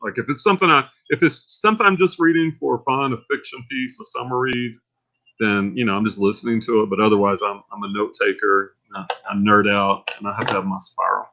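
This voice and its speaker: A man's voice: lowish voice, a little fast, highs cut off. A man with a Texan accent hosting a casual livestream, rambling and getting fired up as he talks. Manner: rambling and excitable, gets fired up. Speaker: livestream host.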